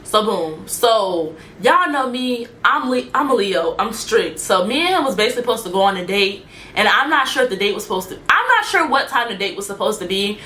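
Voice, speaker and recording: A woman's voice: mid-range voice, sing-song, fairly quick, bright, forceful tone. A young woman telling a story in casual chat, slangy and talking straight to her viewers. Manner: chatty, slangy, addresses viewers directly. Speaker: storyteller vlogger.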